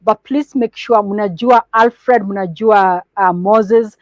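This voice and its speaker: A woman with a Kenyan accent giving a business presentation to partners. She switches between English and Swahili mid-sentence and speaks in a measured, instructive way. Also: mid-range voice, fairly even intonation, no echo. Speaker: company presenter.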